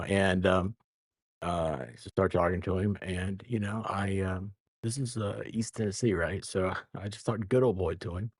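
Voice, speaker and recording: A man's voice: low voice, steady tone, measured pace, slightly rough, dry recording, studio quality. A man from Memphis with a Southern American accent, co-hosting a casual chat and telling stories in a laid-back, rambling way. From Memphis, Mid-South United States. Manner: laid-back, rambling, laughs mid-sentence. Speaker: co-host.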